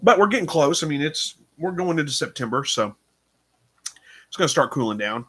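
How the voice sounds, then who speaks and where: A man's voice: a little high, very animated, a little fast, noisy background. A tired man hosting a casual livestream, reading viewer comments and rambling through his answers with plenty of fillers. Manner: rambling, unsure, thinking aloud with fillers. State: tired, yawning. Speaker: livestream host.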